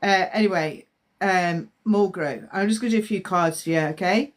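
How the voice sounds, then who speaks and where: Against a noisy background, a woman with a fairly low voice talks at normal speed. She's a psychic medium rambling through live-stream spiritual readings, responding to viewer comments, and she sounds slightly stuffed up.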